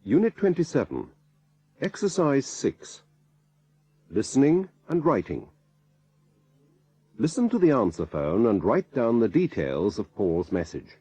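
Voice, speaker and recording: A man with a husky voice announcing units and exercises as a course narrator. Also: mid-range voice, big pitch swings, warm tone, dry recording. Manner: measured, announcing. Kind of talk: scripted instructions.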